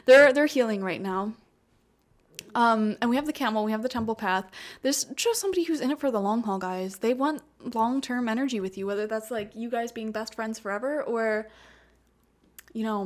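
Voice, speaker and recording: A woman giving a casual tarot reading to her viewers, chatty and laughing often, with lots of "like" and "you know". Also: fairly high pitch. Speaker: tarot reader. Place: home room with a cat.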